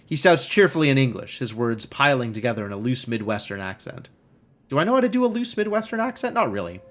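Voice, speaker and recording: Lively man reading a game aloud. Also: medium pitch, a little fast. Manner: wry, musing asides. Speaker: game streamer.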